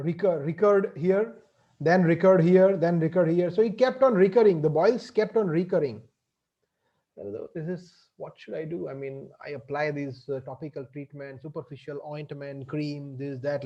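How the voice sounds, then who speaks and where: Guy giving a spiritual talk, high mellow voice, lots of uh and right?, muffled lo-fi sound. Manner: explains with homely examples, many fillers and "right?" checks. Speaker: spiritual teacher. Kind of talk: devotional lecture.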